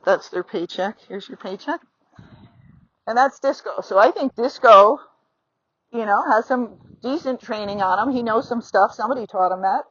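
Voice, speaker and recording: At a moderate pace and fairly high pitch, a middle-aged woman instructs a rider outdoors from her own horse, chatty and supportive, dramatizing horse and rider thoughts. It's a dry, slightly dull lo-fi recording from a phone attached to her.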